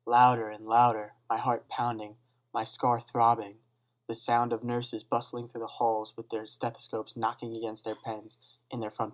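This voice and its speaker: A teenage boy reading a dark first-person school story aloud in a steady, subdued way. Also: mid-range voice, poor audio. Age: teens. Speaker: student reader.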